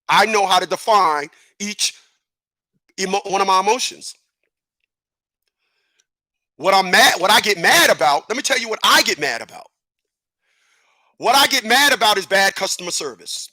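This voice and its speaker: A man's voice: sits high, pushed and bright, dry recording. A middle-aged man giving a casual opinion monologue, emphatic and repeating words as he builds his point. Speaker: commentator.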